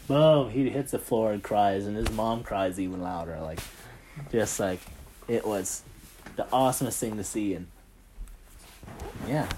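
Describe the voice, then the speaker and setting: Animated man telling faith stories. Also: mid-range voice, a little hiss or hum. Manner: animated storyteller, heavy on fillers like "like" and "right?". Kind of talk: casual faith chat.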